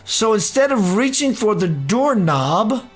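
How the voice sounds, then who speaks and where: Slow-spoken man reading a story aloud. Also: sits high, very animated, soft background music. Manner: unhurried, often breaking into laughter. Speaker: radio show host.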